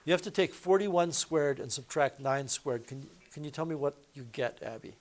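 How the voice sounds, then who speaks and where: Guy teaching math to a class, kinda high voice, walks thru every step and corrects himself as he goes. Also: normal speed. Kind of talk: classroom lecture.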